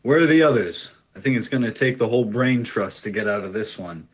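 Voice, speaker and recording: A man's voice: on the low side, animated, brisk. A man voicing a scrappy male fellow prisoner who talks in a wry, casual way in a tabletop game.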